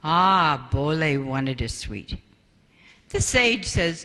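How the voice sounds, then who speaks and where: Older woman giving an animated talk in a reverberant hall. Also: low voice, takes it slowly. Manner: animated storyteller, acts out quoted voices. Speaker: spiritual parenting speaker. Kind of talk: storytelling talk to an audience.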